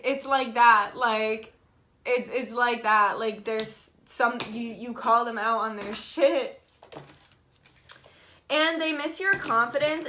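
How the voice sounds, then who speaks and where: A young woman giving a casual tarot reading, chatty and animated, swearing freely. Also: on the high side, a little hiss or hum. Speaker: tarot reader.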